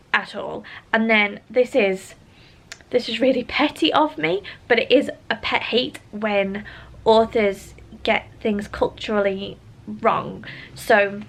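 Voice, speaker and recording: A woman's voice: mid-range voice, gravelly, fairly bright tone. A middle-aged British woman chatting candidly and with exasperation as she reviews a book, filmed on a phone. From United Kingdom. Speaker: book vlogger. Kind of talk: casual chat, book review. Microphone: phone camera.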